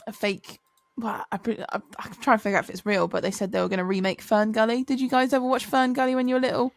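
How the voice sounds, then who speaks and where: A woman co-hosts a podcast, chatty and teasing and quick to laugh. Her voice sits fairly high, and the recording is dry and close. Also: level tone, creaky, no echo. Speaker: podcast co-host. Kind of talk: casual podcast banter.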